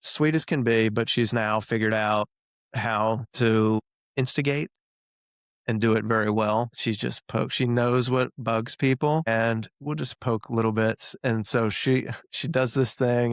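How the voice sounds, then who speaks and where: A man's voice: medium pitch, clean tone, no room sound, clean studio sound. A man in his thirties hosting a podcast, telling stories with playful exaggeration in casual chat. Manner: animated storyteller, playful exaggeration. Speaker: podcast host.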